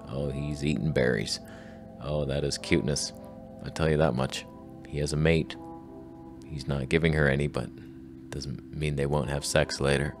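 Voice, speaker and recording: Deep gravelly man with deadpan humor. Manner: deadpan absurd humor with squeaky excited outbursts. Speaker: wildlife video creator. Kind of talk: casual joking vlog narration. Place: outdoors on nature walks.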